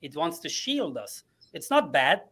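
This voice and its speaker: A man with a notably high-pitched voice speaks as a guest in an interview, explaining his coaching ideas in earnest. He often hesitates and reaches for the right word, filling gaps with "uh" and "um". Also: very animated, unhurried, a bit bright, slightly rough. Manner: earnest, searching for words with frequent fillers.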